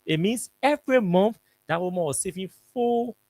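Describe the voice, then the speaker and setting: A middle-aged Liberian man hosts a talk show, telling a political story with lots of emphatic repetition. His voice sits high for a man. The recording is close and dry, with no room sound. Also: lively intonation, normal speed, darkish tone, no room sound. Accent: Liberian English. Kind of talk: political commentary monologue.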